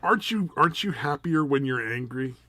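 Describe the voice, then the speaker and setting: A man's voice: a little high, animated, a little fast, a loud crowd. Laughing, swearing man in casual chat. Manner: swears freely, laughs often. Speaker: podcast co-host.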